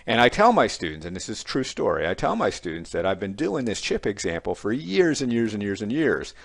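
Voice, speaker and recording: A man's voice: fairly low pitch, very animated, fairly quick, gravelly, dry recording, clean studio sound. A middle-aged man teaching statistics in a recorded lecture video, telling a classroom story in a conversational way with folksy asides. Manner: conversational storytelling with quoted student voices. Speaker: statistics instructor.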